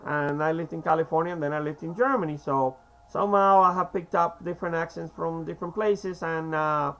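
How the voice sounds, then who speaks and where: A man in his fifties from Cuba with a slight Cuban Spanish accent, talking in a rambling, halting way with many fillers and restarts. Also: on the high side, fairly even intonation, fairly bright tone, rough recording. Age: 50s. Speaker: vlogger. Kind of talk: rambling casual monologue.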